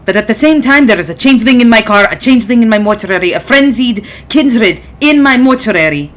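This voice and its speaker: A woman's voice: a little high, lively intonation, fairly quick, lightly acted. A woman voicing a formal, protective male vampire doctor in a tabletop game, addressing others stiffly by title. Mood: grave. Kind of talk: tabletop role-play in character.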